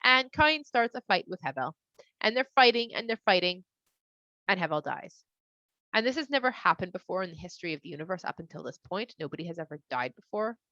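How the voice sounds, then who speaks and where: A woman's voice: lowish voice, expressive, a little fast, bright, forceful tone, dry recording, dull audio. A woman casually retelling a Bible story for children in a playful, slangy way.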